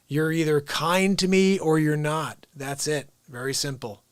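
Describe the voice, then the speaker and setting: A man's voice: fairly high pitch, measured pace, clear, resonant tone, no room sound. A man hosting his daily live stream, ranting casually and talking straight to his viewers. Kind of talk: unscripted live-stream chat.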